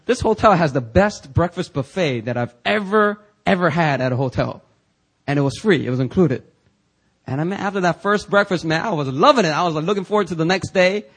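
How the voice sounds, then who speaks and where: A man's voice: on the high side, husky. Chatty man preaching a story sermon. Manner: chatty, many fillers, laughs at own story. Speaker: pastor. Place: church.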